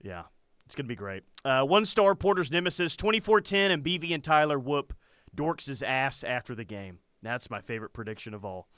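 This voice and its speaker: A man co-hosting a casual sports talk show, animated and chatty, reading listener comments aloud. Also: mid-range voice, a little fast, clean tone, dry recording, clean studio sound. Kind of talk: casual sports radio chat.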